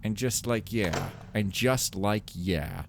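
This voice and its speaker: A man's voice: lowish voice, takes it slowly, creaky, noisy background. Joking man rambling over gameplay. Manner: joking, rambling, self-mocking. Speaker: Let's Play commentator. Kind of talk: casual gameplay commentary.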